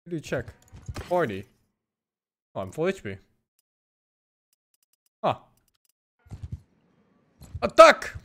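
A man streaming a game, reacting in excited and sweary outbursts as he plays. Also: fairly high pitch, normal speed, pauses often, slight background noise. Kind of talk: live gameplay commentary.

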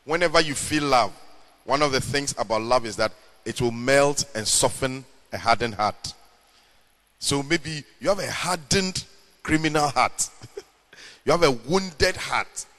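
A middle-aged man preaches a sermon at a deliberate pace, leaning on key words and drawing them out. His voice sits at an ordinary male pitch. A long reverb trails behind every phrase. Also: a bit bright. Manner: slow, measured preaching with drawn-out emphasis. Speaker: pastor.

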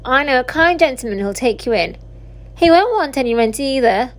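A woman's voice: sits high, lively intonation, moderate pace, pitched above the performer's own voice. A woman voicing a cocky young male street pickpocket who talks brash and chummy. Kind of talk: storybook reading.

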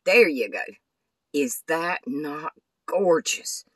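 A woman's voice: sits low, sing-song, slow pace, a bit bright, husky, dry recording, distant mic, poor audio. An older woman, chatting casually in a craft vlog and gushing over the things she shows. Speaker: craft vlogger. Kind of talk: casual show-and-tell vlog.

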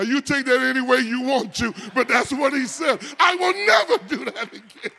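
Older male pastor, very high bright voice with gravel, preaches with sing-song shouts. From United States. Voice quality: distinctive high voice. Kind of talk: sermon. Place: church sanctuary.

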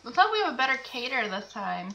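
Woman chatting through a game, giggly and easygoing, bright higher voice, far from a muffled mic, faint music behind. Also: big pitch swings, quick pace, gravelly. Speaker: gameplay co-commentator. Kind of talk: casual let's-play chat.

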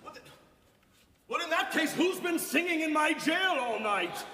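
Jolly bumbling police chief, bright lively voice, far off in an echoey hall. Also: male voice, normal speed, full character voice. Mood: jovial. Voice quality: bombastic, booming exclamations. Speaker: opera singer-actor in a staged comedy. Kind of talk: live stage acting. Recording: roomy hall heard from far off with faint noise.

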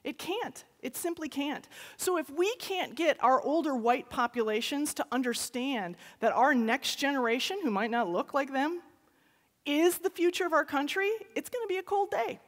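Animated woman giving a keynote in a hall. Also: sits high, normal speed. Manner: lively, animated, talks to the audience with frequent "right?". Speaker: keynote speaker. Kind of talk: conference keynote talk. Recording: long reverb of a large hall.

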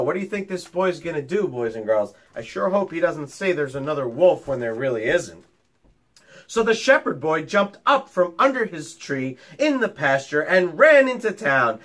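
Man, teacher, storytime read-aloud, slow, lively pitch, chatty asides. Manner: animated, chatty asides to young children. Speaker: teacher reading a picture book to children.

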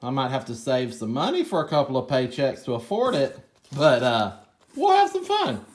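A man with a Southern US accent, hosting a gardening channel and chatting excitedly through an unboxing. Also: mid-range voice, moderate pace. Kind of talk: casual vlog unboxing.

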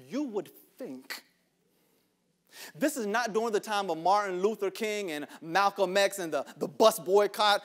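A male pastor preaching in a church sanctuary, calling on the congregation to answer him back. His voice sits high and swings widely in pitch, and he laughs between lines and builds to shouts. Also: animated, moderate pace. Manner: call-and-response preaching, rising to shouts. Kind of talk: sermon.

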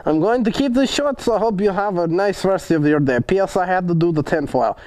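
Brief: goofy male letter-writer in a mock Russian accent, fairly high voice, as a man puts it on. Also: animated, a little fast, darkish tone. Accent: put-on Russian.

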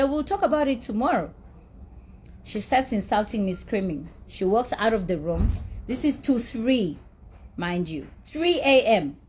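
A woman's voice: on the high side, darkish tone, breathy edge. A woman telling her side of a dispute in a blunt, profane, indignant rant. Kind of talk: heated storytelling rant.

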